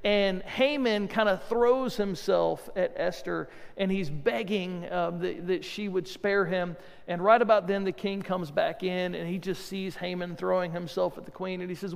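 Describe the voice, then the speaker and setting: A male pastor preaching a sermon, retelling a story in a lively way and acting out the characters. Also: high-pitched, moderate pace, vocal fry, hardly any pauses. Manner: lively storytelling with acted voices. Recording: long hall reverb.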